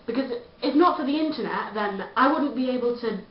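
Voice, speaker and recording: A woman's voice: a little high, lively intonation, a little fast. A woman, vlogging a chatty, self-mocking rant to camera. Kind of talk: casual comedic rant to camera. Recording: dull lo-fi echoey room sound.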